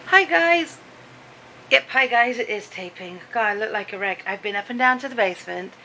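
Brief: chatty British vlogger at home, rambling and amused, bright edge. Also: female voice, on the high side, expressive, moderate pace, slight background noise, rough recording. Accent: British English. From Britain. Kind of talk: casual vlog chat. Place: home, indoors, dim room.

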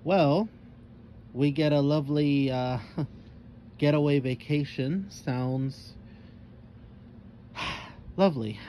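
A man voicing a caring monkey mother who speaks softly and reassuringly. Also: a little high, drawn-out words, long pauses, slight background noise. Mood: gentle. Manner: soft, reassuring.

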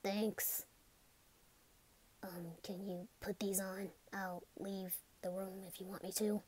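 A woman in a whispered role-play, speaking softly and hesitantly, often in a whisper. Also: mid-range voice, flat delivery, unhurried, breathy edge, no echo. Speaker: ASMR role-play performer.

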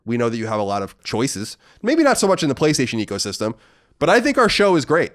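A man hosting a podcast in casual chat, reading out listener letters with wry, wordy asides. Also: mid-range voice. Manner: fast, animated, wordy and wry. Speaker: podcast host.

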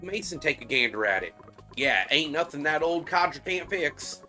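A man's voice: a little high, animated, normal speed, sharp tone, faint music behind, voice pushed up. A man putting on a folksy Southern drawl.

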